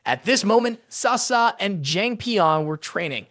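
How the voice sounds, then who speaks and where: A man with a high, bright voice narrates a fantasy recap, his pitch swinging freely from line to line. The sound is close and dry, with no room around it. He keeps a brisk, storytelling drive. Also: expressive, dry recording.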